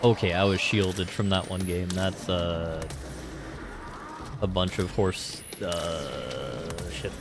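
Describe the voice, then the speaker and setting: Man, streamer, fairly low voice, rambling, casual game commentary. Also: steady tone, slow, background noise. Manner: rambling, filler-heavy musing.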